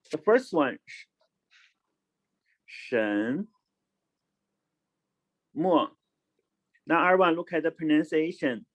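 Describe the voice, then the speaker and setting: Slow-talking male online teacher. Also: on the high side, fairly bright tone, low-quality recording. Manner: slow, repeats words and spells them out, mixes in Chinese.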